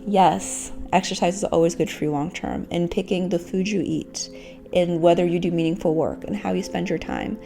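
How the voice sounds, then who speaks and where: A woman teaching self-compassion techniques, slowly counting a guided breathing exercise in a calm, encouraging way. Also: on the low side, vocal fry, soft background music. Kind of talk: guided self-help lesson.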